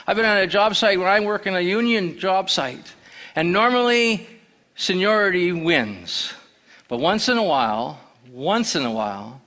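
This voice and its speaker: A man's voice: high voice, pushed and bright. A man giving a church sermon as guest preacher, telling plain stories with restarts and repeated words. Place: church sanctuary.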